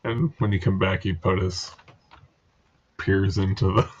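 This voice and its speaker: A man playing a tabletop game, describing his character's moves with lively delivery. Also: sits low, a little slow, highs cut off. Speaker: player. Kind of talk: casual tabletop play.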